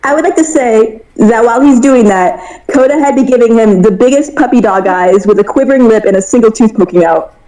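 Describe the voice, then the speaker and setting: A woman playing in a tabletop game, chatty and prone to giggling. Her voice sits a little high and sounds mellow and relaxed. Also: brisk, rough recording. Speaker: player.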